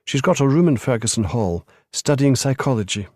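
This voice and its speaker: A man voicing a brisk, matter-of-fact female university office worker in an audiobook. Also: mid-range voice, animated, a little mellow, no room sound, studio quality, voice pushed up, close to an everyday voice. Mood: informative.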